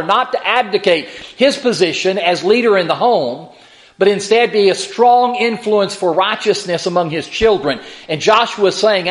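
Male preacher with a high voice, measured teaching delivery, reading quotes with dramatic weight. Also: a bit bright. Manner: slow, deliberate scripture reading with dramatic emphasis on quotes; measured teaching with repeated words and rhetorical questions. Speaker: preacher teaching a Bible lesson. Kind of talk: sermon.

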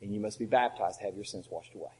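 A man preaching a sermon, asking rhetorical questions and swinging between loud emphasis and quiet asides. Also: on the low side, fast talker, low-quality recording.

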